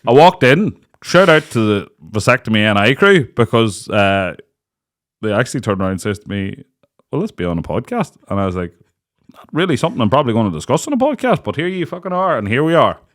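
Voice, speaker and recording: A man's voice: mid-range voice, a little fast. A man in his late thirties with a Northern Irish accent, hosting a podcast and telling crude stories with lots of laughter. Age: late 30s. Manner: laughing storyteller, crude jokes, lively. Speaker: podcast host. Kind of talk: casual chat.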